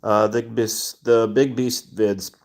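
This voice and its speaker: A man's voice: lowish voice, fairly even intonation, slow pace, darkish tone. A man hosting a casual livestream, greeting viewers by name and answering chat questions. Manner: reads chat names aloud and greets viewers. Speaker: livestream host.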